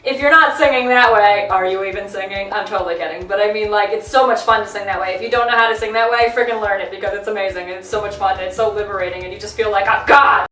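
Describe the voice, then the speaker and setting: A woman's voice: medium pitch, steady tone, fast talker, few pauses, bright, forceful tone, roomy sound, recorded from a distance, faint music behind. A woman voice teacher reacting to a singing video in casual chat. She is enthusiastic and breaks into short sung demonstrations.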